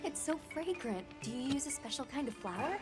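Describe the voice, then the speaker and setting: An actress playing a gracious young female traveler in a video game, husky and formal. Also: high-pitched, expressive, a little fast, loud music behind the voice. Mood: grateful.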